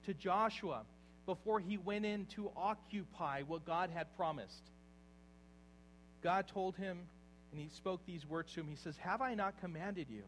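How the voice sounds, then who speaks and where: A man preaching a sermon, dropping to quiet, low asides and then rising into loud exhortation. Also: a little slow, poor audio. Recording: faint mains hum behind.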